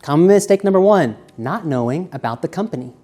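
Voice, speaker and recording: A man giving a live seminar lecture, walking around and shifting between quiet, slow speech and loud emphasis. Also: fairly high pitch, animated, soft background music. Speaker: seminar presenter. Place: university seminar room.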